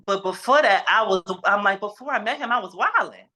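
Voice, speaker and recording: A guest shares an emotional personal testimony about a hard experience, his high voice expressive, pushed, and bright. He speaks haltingly, repeats himself, and breaks down at times.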